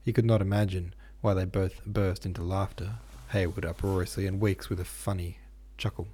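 A man hosting a podcast, reading a classic novel aloud in steady, measured narration. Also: low voice. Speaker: podcast host and reader. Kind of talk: audiobook narration.

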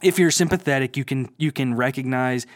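A man casually retelling a reality show, with animated storytelling and mocking impressions of the people he quotes. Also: mid-range voice, brisk, no echo, studio quality. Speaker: podcast co-host.

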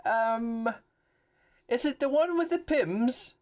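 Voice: mid-range voice, slow pace, darkish tone. A podcast co-host in casual chat who jokes around and keeps slipping into a mock posh British voice.

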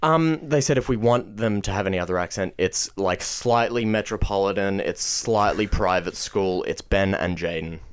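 Low-voiced Australian podcast co-host. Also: male voice, normal speed, hardly any pauses, clear, resonant tone. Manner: rambling storyteller, frequent restarts and laughs. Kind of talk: casual chat.

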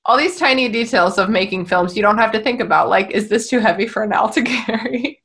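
A woman's voice: fairly high pitch, a little fast, fairly bright tone. A woman co-hosting a podcast, chatting casually about a film, laughing often and swearing now and then. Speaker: podcast co-host.

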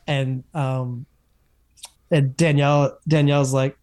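A man co-hosting a casual chat, recapping TV episodes in an animated way with lots of fillers and restarts. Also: mid-range voice, a little slow. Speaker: podcast co-host.

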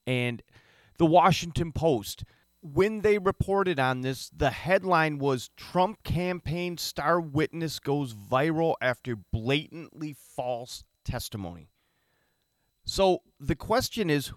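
A man's voice: mid-range voice, dry recording, clean studio sound. A man giving emphatic, opinionated political commentary.

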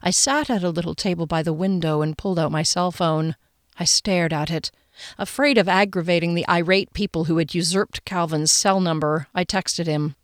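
A woman narrating a first-person novel as an audiobook, in a wry, expressive way. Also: lowish voice, normal speed, dry recording, clean studio sound.

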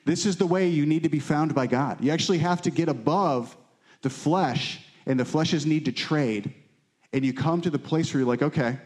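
A man's voice: fairly high pitch, moderate pace. Man preaching in a conversational tone. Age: adult, married. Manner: conversational preaching, frequent "right?" check-ins. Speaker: pastor. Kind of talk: sermon.

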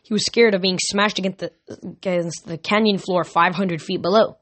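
A woman with a slightly low voice reading a storybook aloud. She moves the story along steadily, stumbling now and then and correcting her words as she goes. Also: steady tone, moderate pace, fairly bright tone. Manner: reads with small slips and self-corrections. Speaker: reader. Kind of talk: amateur audiobook reading.

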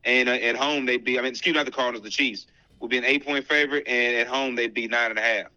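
A man's voice: mid-range voice, steady tone, quick pace, sharp tone, no room sound, rough recording. A man co-hosting a casual sports podcast, thinking aloud and often repeating words as he talks through game picks. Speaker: podcast co-host.

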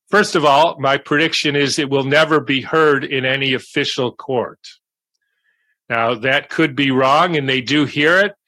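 An older man talks through his views in a slow, deliberate monologue. His voice is bright and forward, and the recording is dry and close with no room sound. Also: medium pitch, dry recording. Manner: slow, deliberate, measured delivery. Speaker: commentator. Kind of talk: monologue commentary.

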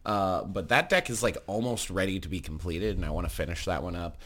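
A man co-hosting a gaming podcast rants enthusiastically in casual chat about games, swearing freely. His voice sits low, a little fast and a bit bright.

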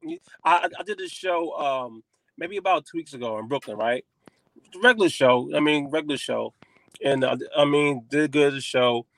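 A man who is a comedian, telling stories in animated casual chat with plenty of swearing. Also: mid-range voice, normal speed, dry recording. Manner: animated storytelling with frequent profanity.

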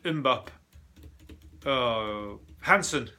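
A man's voice: medium pitch, lively intonation, very slow, pushed and bright. A man hosting a casual news review, rambling, swearing and laughing as he goes. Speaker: podcast host.

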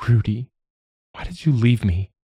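A man's voice: mid-range voice, expressive, a little slow, warm tone, breathy edge, no room sound, pitched above the performer's own voice. A man voicing a grieving, lonely elderly widow with a pleading, strained voice.

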